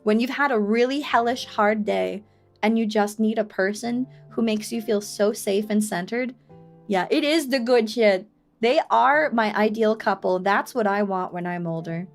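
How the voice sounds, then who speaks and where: A woman streamer reading a story game aloud and chatting, telling stories in an animated, expressive way. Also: medium pitch, moderate pace, faint music behind.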